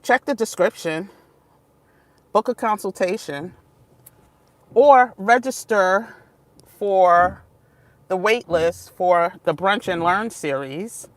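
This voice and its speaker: Woman vlogger, casual chat, unhurried, digressive, laughs often. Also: medium pitch, no echo. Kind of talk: casual vlog talk. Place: outdoors, moving between places.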